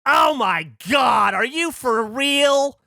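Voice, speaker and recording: A man's voice: very high-pitched, lively intonation, slow pace, creaky, pushed and bright, no echo, clean studio sound, pitched above the performer's own voice, full character voice. A man putting on the voice of a blunt, grumpy older woman tourist in a story he tells. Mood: incredulous.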